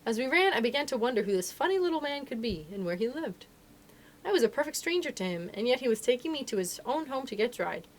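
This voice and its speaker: Animated woman reading a children's book. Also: on the high side, quick pace, a little hiss or hum. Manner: expressive, animated storytelling. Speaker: library storytime reader. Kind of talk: reading a children's novel aloud.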